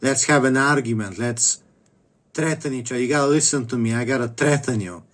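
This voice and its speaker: A man voicing a petty, belligerent male driver who is angry and spoiling for an argument, in a whiny, shrill, picking-a-fight manner. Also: fairly quick, fairly bright tone, close to an everyday voice.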